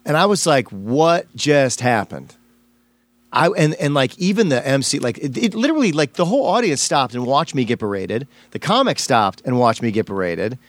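A man's voice: medium pitch, very animated, moderate pace, dry recording. Rambling, emotional male comedian, dry close sound. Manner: rambling and emotional, heavy on fillers and restarts. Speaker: stand-up comedian guest. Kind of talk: casual storytelling in a podcast interview.

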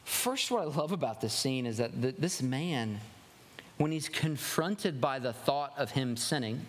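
Conversational preacher in a reverberant hall. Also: male voice, mid-range voice, moderate pace. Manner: conversational, animated, with wry asides. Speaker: pastor. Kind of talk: sermon.

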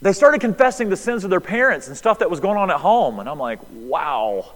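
Man, middle-aged pastor, lively sermon, fairly high voice, long hall echo. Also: fast talker. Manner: animated, swings from loud to hushed. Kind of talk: sermon storytelling.

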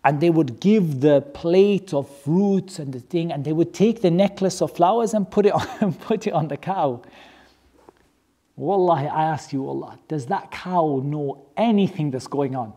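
A religious teacher telling a story to a class, animated and joking, asking many rhetorical questions. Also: mid-range voice, moderate pace.

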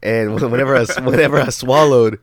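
A man's voice: mid-range voice, quick pace, no echo, studio quality. A young man with the flu, chatting on a podcast in a laid-back way, swearing often and breaking into laughs. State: sick, with a flu. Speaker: podcast co-host. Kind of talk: casual chat.

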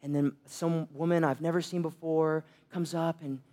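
A man's voice: fairly high pitch, level tone, normal speed, dark tone. A young man preaching a sermon, telling humorous, self-deprecating stories. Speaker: pastor.

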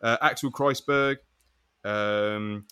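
A man's voice: lowish voice, fairly even intonation, takes it slowly, pushed and bright, clear, resonant tone. A man hosting a casual podcast chat, joking and swearing as he goes through names. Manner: banter with swearing. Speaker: podcast host.

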